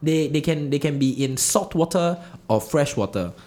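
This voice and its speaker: A man's voice: on the high side, lively intonation, moderate pace, darkish tone. A young Singaporean man chatting casually as a podcast co-host, reading news aloud and laughing often. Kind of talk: casual chat.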